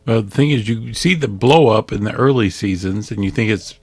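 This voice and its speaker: A man co-hosting a podcast, giving short, low-key replies in casual chat. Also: brisk. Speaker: podcast co-host.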